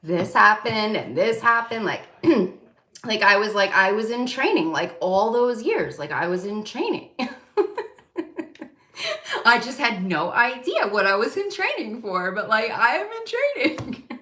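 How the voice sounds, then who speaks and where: A woman from New Jersey with a Jersey accent, hosting a casual monologue to her viewers, animated, laughing often and swearing loudly. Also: medium pitch, measured pace, reverberant. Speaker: psychic channel host.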